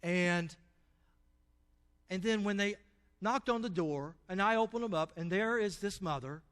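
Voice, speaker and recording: The pastor speaks in a high, unhurried, slightly bright voice as he gives his sermon. He tells stories and asks the congregation questions in a church sanctuary, where the recording picks up long hall reverb.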